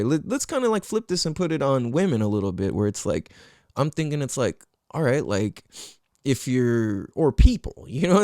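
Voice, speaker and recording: Hosting a podcast, a young man relates a personal story in an animated, easygoing manner, sprinkled with street slang, curses and fillers like "like" and "you know." His voice is mid-range, and the studio sound is clean with no room noise.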